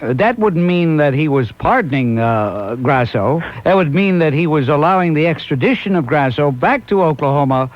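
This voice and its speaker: A man's voice: a little high, lively intonation, normal speed, few pauses. A man hosting a call-in talk radio show, urging listeners on and answering callers. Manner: emphatic, exhorting listeners. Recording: muffled lo-fi 1990s AM radio recording.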